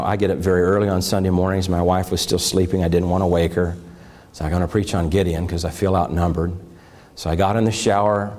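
A man's voice: deep voice, a little mellow. Fervent male preacher reading scripture. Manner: emotional, rising to fervent bursts when reading scripture. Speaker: pastor.

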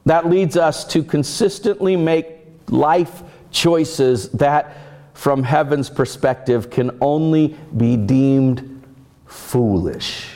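A man's voice: on the high side, warm tone. A male pastor delivering a sermon, telling stories and putting on voices for the characters in them. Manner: storytelling with acted voices and dramatic pauses.

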